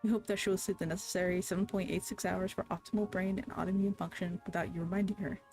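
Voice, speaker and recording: A streamer reading a story game's narration aloud in a measured, even way, with small self-corrections. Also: medium pitch, soft background music.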